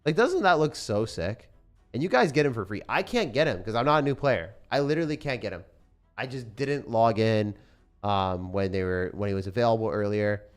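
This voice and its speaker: A young man with a fairly low voice talks loosely to his stream viewers. His delivery rambles along with plenty of fillers and restarts. Faint music plays quietly underneath. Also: brisk. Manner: relaxed, rambling, lots of fillers. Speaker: gaming streamer. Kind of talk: casual sponsored stream chat.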